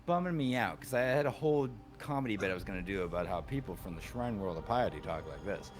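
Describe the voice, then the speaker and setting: A man's voice: lowish voice, lively intonation, fast, soft background music. A man streaming a video game, casually joking, swearing and riffing on tangents with his co-host. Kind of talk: casual let's-play banter.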